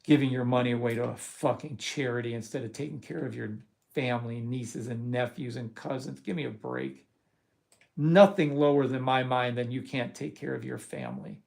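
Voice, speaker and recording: A middle-aged man hosting a live trading stream, talking bluntly and profanely and working himself up into loud rants. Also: medium pitch, a little fast, creaky. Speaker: trading course host. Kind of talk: live-stream talk to viewers.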